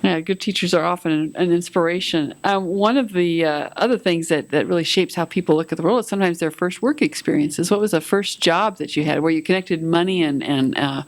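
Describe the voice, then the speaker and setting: A woman hosting a local community interview show, asking gentle questions with frequent pauses and fillers. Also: lowish voice.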